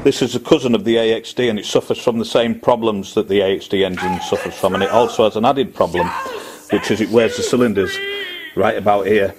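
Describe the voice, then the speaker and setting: A man's voice: on the low side, brisk, noisy background. A man explaining engine faults in a matter-of-fact technical way, a light laugh in his voice.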